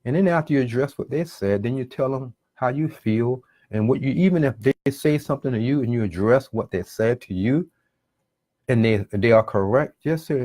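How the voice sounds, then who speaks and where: A man preaches about relationships in an earnest voice at a middle pitch. He repeats his key phrases and acts out what people might say to each other. The sound is dry, with no room echo. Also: moderate pace, mellow. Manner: earnest, repetitive, acts out quoted dialogue. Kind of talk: sermon on relationships.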